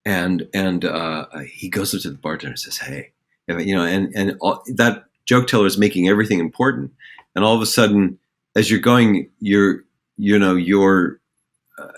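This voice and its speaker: A middle-aged man, a theater director, explaining acting ideas in a reflective, rambling way with many fillers and restarts. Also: low-pitched. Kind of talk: conversational podcast explanation.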